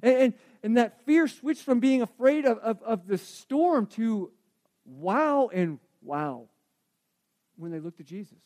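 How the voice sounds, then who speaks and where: Male pastor with a very high voice, conversational sermon, hushed asides and loud emphatic points. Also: animated, normal speed, few pauses. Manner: conversational, repeats words and restarts.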